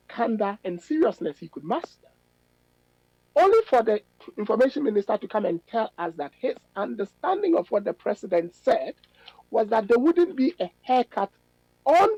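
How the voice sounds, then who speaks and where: A middle-aged academic man, giving measured, analytical radio interview answers with emphatic stresses. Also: high-pitched, warm tone, dry recording, muffled recording. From Ghana. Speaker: policy fellow and academic guest.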